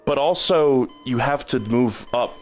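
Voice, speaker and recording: A man's voice: medium pitch, measured pace, faint music behind. A man streaming a game, rambling in casual commentary and stumbling over repeated words when he gets stuck.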